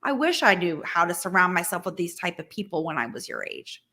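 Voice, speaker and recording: A woman in her forties talks as a guest in a heartfelt business conversation. Her bright, forceful voice stays earnest and emphatic, and she often circles back to restart a sentence. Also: fairly low pitch, big pitch swings, fairly quick, a little hiss or hum.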